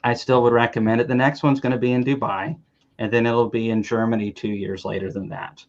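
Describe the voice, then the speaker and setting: A man's voice: medium pitch, level tone, a little fast, highs cut off. A man from the American South telling rambling, joking stories in a casual chat, often restarting his words.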